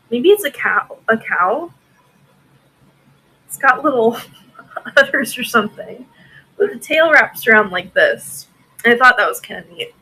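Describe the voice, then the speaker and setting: A woman's voice: on the high side, bright, forceful tone, slightly rough, low-quality recording. A woman hosting a casual live-stream auction, chatting with viewers by name and laughing often.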